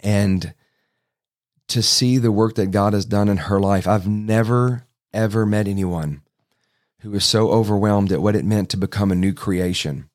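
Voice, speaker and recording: Middle-aged pastor, folksy storyteller with dry self-deprecating jokes, lowish voice. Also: male voice, a little slow, a little mellow. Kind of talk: sermon storytelling.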